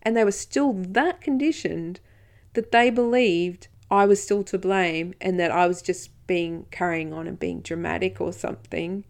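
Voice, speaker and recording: A woman with a low, gravelly voice tells a personal story on her podcast. She acts out each exchange and slips into a hushed whisper at tense moments. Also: unhurried. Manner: recounting events, quoting others in dialogue, occasional whispering. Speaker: podcast host.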